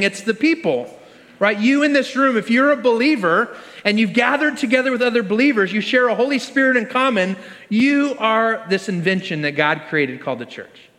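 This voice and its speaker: Bright-voiced man preaching in a big hall. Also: sits high. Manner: conversational, leads congregation in call-and-response. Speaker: pastor. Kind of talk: sermon. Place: church hall with congregation. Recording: long reverb of a large hall.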